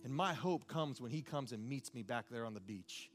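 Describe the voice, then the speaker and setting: A man preaching a sermon with passion, telling a story and building up to shouts. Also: mid-range voice, lively intonation, a little slow, pauses often, soft background music.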